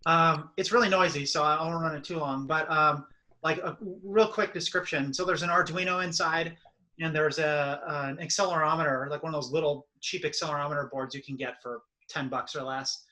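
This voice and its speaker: A man's voice: a little high, steady tone, moderate pace, sharp tone, rough recording. A young man co-hosting a casual chat, talking loosely with many fillers and explaining a project step by step. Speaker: podcast co-host.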